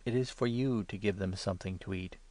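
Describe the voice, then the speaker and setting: A man voicing Jesus as a calm, commanding male teacher in a scripture reading, speaking in an earnest, rebuking way. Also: lowish voice, fairly quick, no room sound, close to an everyday voice. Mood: solemn.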